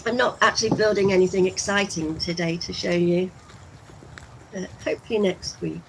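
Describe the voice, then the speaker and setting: A woman's voice: lowish voice, fairly even intonation, moderate pace, vocal fry. English woman, middle-aged, rambling friendly vlog chat while walking, camera mic, slight background hiss. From England. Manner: chatty and rambling, talks to viewers. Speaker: vlogger. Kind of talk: casual vlog commentary. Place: outdoors on a walk.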